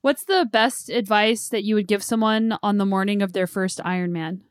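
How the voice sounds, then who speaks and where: A woman's voice: medium pitch, steady tone, moderate pace, clean tone. A woman interviewing a guest, asking questions and laughing often.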